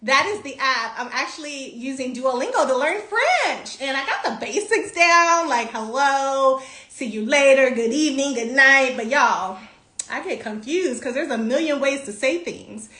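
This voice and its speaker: A young woman hosting a casual livestream, greeting viewers by name in bubbly, drawn-out sing-song tones. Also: high voice, expressive, pushed and bright, reverberant.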